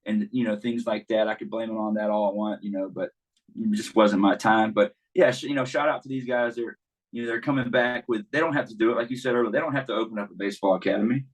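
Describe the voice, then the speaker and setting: A man's voice: on the low side, steady tone, quick pace, rough recording. A man, a baseball coach, chatting casually as a guest and telling stories with lots of fillers and restarts. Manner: easygoing storyteller, many restarts and fillers. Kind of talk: casual podcast chat.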